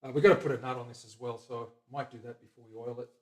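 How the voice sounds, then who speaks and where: A man's voice: mid-range voice, fairly even intonation, rapid-fire. Chatty man talking while he works. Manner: chatty and upbeat, talking to viewers and a helper as he works; swings between loud bursts and quiet mumbling to himself. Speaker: guitar builder hosting a livestream. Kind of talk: casual workshop chat while working.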